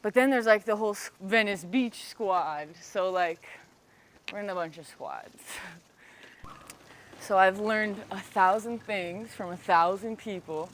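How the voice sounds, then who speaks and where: A woman's voice: mid-range voice, measured pace, slight background noise. A woman roller skater chatting casually outdoors on a street, bubbly and full of "like". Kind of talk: casual chat.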